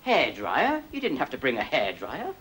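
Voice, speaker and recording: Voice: medium pitch, wildly swooping pitch, normal speed, very noisy. A performer playing a flustered man checking into a hotel under a false name in a 1970s TV sketch.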